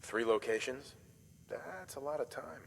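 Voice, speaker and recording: A man voicing a terse, steady male wanderer hero with a husky voice. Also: mid-range voice, a little slow, exaggerated voice. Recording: game audio with reverb.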